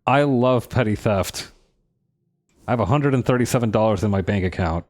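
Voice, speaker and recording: A man's voice: on the low side, normal speed, darkish tone. A man casually commenting on a role-playing game as he plays, with a wry, sarcastic manner, reading the game's text aloud along the way. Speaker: gaming streamer playing a role-playing video game.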